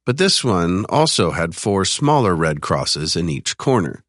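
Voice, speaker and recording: Male thriller narrator with an extremely deep voice, recorded in a dry studio. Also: sing-song, a little slow, fairly bright tone, no room sound. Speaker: audiobook narrator.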